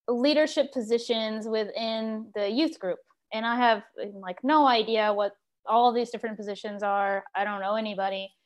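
A woman from Texas who leads a sharing circle, telling a personal story in a lively, animated way and laughing as she goes. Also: a little high. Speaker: group facilitator.

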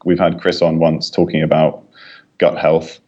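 A man's voice: extremely low pitch, completely flat delivery, a little slow, a little mellow, slightly rough, highs cut off. A man with a British accent, a doctor, explaining his work in a podcast interview with frequent fillers. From United Kingdom. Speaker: guest doctor.

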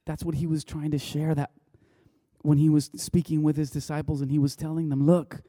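A man's voice: fairly high pitch, level tone, brisk, dark tone, no room sound, clean studio sound. A man preaching a sermon, telling a personal story in a loose, conversational way with many restarts. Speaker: pastor.

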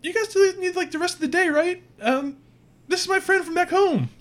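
A man's voice: very high-pitched, brisk, fairly bright tone, pitched above the performer's own voice. A man voicing a peppy female spider-like alien crew member in a tabletop game, bubbly and eager. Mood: cheerful.

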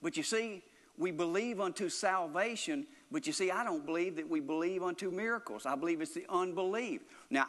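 A man's voice: fairly high pitch, a bit bright. Earnest man preaching in a reverberant hall. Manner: earnest, repetitive, restarts phrases often. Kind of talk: sermon.

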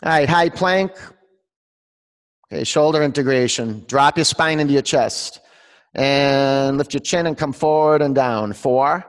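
A man's voice: mid-range voice, measured pace, in a large hall. A man teaching a live yoga class, calling out poses and counting breaths, joking with his students by name. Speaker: yoga instructor. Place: yoga studio, large room.

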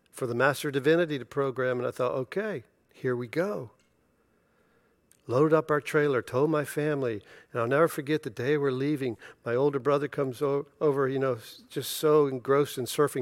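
A middle-aged pastor with a medium-pitched voice preaches a sermon, telling a self-deprecating story about himself and acting out the dialogue with lively energy.

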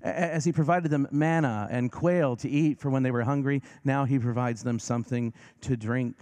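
A man preaching a sermon as pastor, gentle and reassuring, slowing down for emphasis. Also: mid-range voice.

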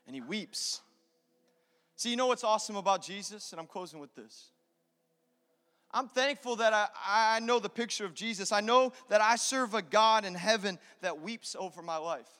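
A man preaching a sermon, impassioned, swinging between loud bursts and hushed moments. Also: high-pitched, moderate pace, in a large hall. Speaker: pastor.

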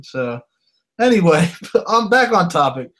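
A man's voice: high voice, very animated, a bit bright. A man co-hosting a casual sports podcast, easygoing and teasing, with many "you know" fillers. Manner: laid-back, joking, drawn-out fillers. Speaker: podcast co-host.

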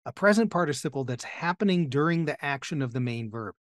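A man with a slightly raised pitch teaches a Bible passage, explaining it step by step. He keeps turning to his listeners with rhetorical questions. The sound is close and dry, with no room echo. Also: lively intonation, fairly quick. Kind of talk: teaching sermon.

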